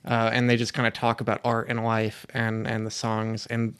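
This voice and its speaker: A man's voice: lowish voice, completely flat delivery, normal speed, fairly bright tone, clean tone, no echo. A young man guest on a podcast, chatting casually and hesitantly with many ums on a dynamic mic in a studio. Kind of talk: casual chat.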